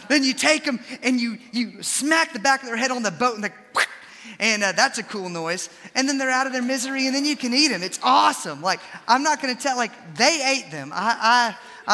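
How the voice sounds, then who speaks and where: A young adult man preaching a sermon, switching between scripture and animated, folksy storytelling asides. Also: high-pitched, in a large hall.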